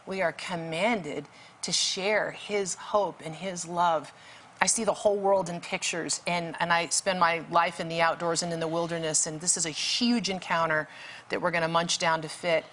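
A woman's voice: on the low side, fairly bright tone, slight background noise. A woman guest telling a vivid, emphatic story as a testimony, with bursts of urgency. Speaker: guest author.

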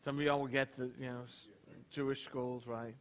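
A man's voice: medium pitch, little pitch movement, normal speed, a bit bright. A man, a rabbi preaching a casual, conversational sermon to his congregation, tossing out rhetorical questions. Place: congregation hall.

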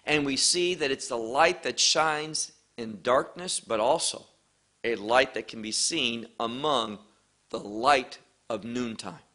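A man preaching a sermon, teaching from scripture with slow, emphatic phrasing. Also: mid-range voice, bright, forceful tone.

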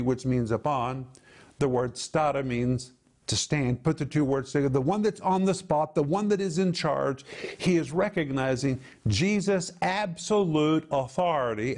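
A man with a somewhat high voice teaches from the Bible in a televised program. He leans hard on key words and draws them out for emphasis. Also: darkish tone. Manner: emphatic, drawn-out stresses on key words, explaining Greek word meanings.

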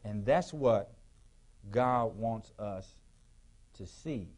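A male pastor preaching a sermon in a church, with call-and-response questions to the congregation, sometimes rising to shouts. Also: on the low side, animated, extremely slow, slight background noise. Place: church sanctuary.

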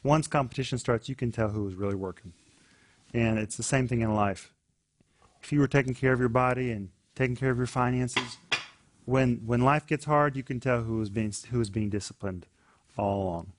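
A man's voice: mid-range voice, moderate pace, a little hiss or hum. A man in a casual discussion, earnest and repeating words as he thinks. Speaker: discussion participant.

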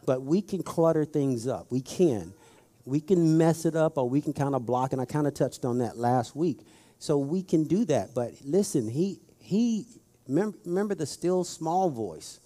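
Man preaching a folksy, mellow sermon. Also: on the high side, lively intonation, normal speed. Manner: folksy, storytelling, addresses the audience directly. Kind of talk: conversational sermon.

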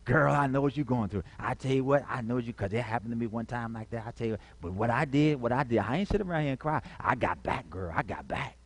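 A preacher doing a sly, hushed tempter. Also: male voice, mid-range voice, lively intonation, quick pace, hardly any pauses, voice pushed down. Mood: coaxing. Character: sly confiding gossip tempter, friendly and knowing.

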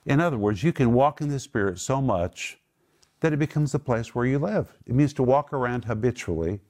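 A man's voice: medium pitch, animated, fairly quick, darkish tone. A man teaching the Bible to a small group, emphatic, lifting his voice to stress his points.

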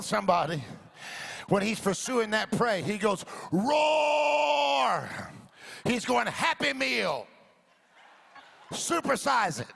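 A man preaching a sermon in a church, swinging from jokey asides to shouted, sung-out exclamations. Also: sits high, gravelly. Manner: playful, jokey asides to the congregation.

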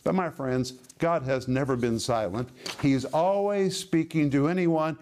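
A man preaching a teaching sermon, reading scripture slowly and stressing words with emphasis. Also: on the high side, darkish tone, slight background noise. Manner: slow emphatic Bible reading, stretched words.

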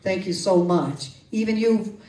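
A woman preaching a lively sermon with testimony and prayer, calling out to her congregation and coaxing responses. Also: mid-range voice, unhurried, far from the mic. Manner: lively, call-and-response, folksy. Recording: echoey room, voice from off-mic.

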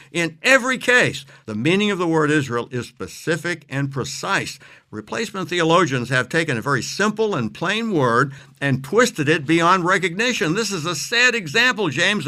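Emphatic man with a bright voice. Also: fairly high pitch. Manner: emphatic, reads verses slowly. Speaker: Bible teacher guest. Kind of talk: scripture exposition in interview.

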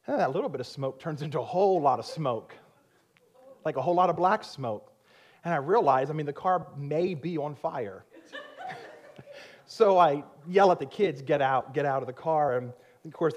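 A male pastor, probably in his thirties, preaching a sermon and telling a personal story with frequent laughter and self-mocking humor. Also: a little high.

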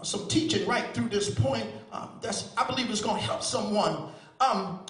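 A male pastor preaching a sermon in a repetitive, singsong cadence, moving between loud calls and quiet teaching. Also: extremely high pitch, roomy sound, recorded from a distance.

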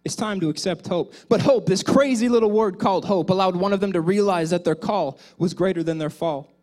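Pastor guy preaching, kinda high voice, gets loud then drops real quiet, talks right to the church. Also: a little fast. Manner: dramatic, swings between loud exhortation and quiet asides; speaks directly to the congregation. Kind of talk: sermon.

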